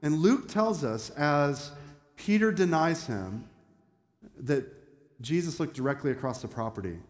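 A pastor preaches a sermon in a conversational way, posing questions to the congregation. His voice is fairly high, animated and measured in pace. The sound is echoey, as in a hall with long reverb.

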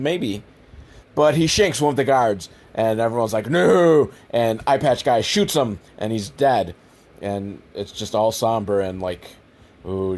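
A man's voice: mid-range voice, a little mellow. A man giving casual, rambling, self-deprecating commentary on a movie he is watching. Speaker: movie review host.

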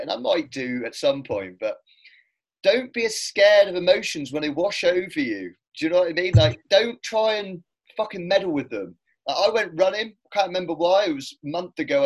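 Casting: man, middle-aged, higher voice, blunt animated storyteller, casual podcast chat. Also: brisk.

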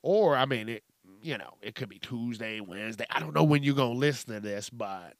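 A man's voice: medium pitch, brisk, creaky, dry recording. Podcast host, male, profane comic rant, dry close sound. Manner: profane, animated, acts out voices. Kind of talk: casual comedic rant.

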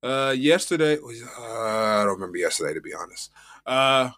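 Podcast co-host, male, from the States, loose slangy storyteller, mid-pitched voice. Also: lively intonation, moderate pace, pushed and bright. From United States. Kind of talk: casual chat. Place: home.

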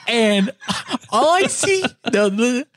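A man's voice: extremely high pitch, very animated, slow pace, a bit bright, no echo, clean studio sound. A man telling a story in casual chat, acting out quotes and laughing often.

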